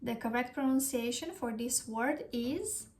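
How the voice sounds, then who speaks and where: A woman's voice: fairly high pitch, a little mellow. A woman from Romania teaching pronunciation, carefully sounding out and repeating each word. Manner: slow, careful repetition of words. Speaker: language teacher. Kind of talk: pronunciation lesson.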